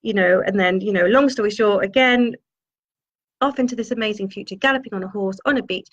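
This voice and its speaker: A woman's voice: medium pitch, a little fast. A woman, a spiritual healer, telling a personal story in a meandering way and searching for her words. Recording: dull lo-fi sound.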